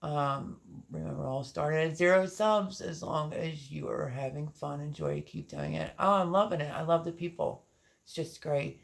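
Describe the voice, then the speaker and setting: A woman's voice: low voice, gravelly. A woman hosting a gardening channel live stream, chatting casually and reading viewer comments aloud.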